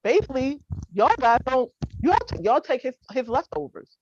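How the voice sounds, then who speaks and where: A woman's voice: sits high, expressive, moderate pace, a little mellow, slight background noise. Blunt, slangy woman on a video call. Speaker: talk show co-host. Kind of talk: casual panel debate. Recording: dull lo-fi video call audio.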